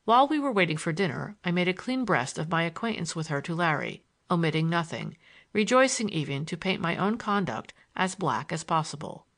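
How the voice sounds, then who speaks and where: A woman narrating a first-person novel as an audiobook, reading in a measured, expressive way. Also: lowish voice.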